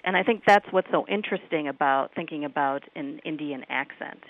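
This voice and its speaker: A woman, a guest expert in a radio interview, explaining accents in a measured way with fillers. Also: deep voice, no echo. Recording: tinny phone line.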